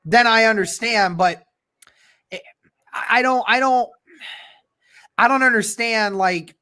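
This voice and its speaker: This is a fan host calling a football game play by play on a casual livestream. The voice sits at a middling pitch, and the delivery is measured, steady and halting, with frequent restarts. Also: clear, resonant tone.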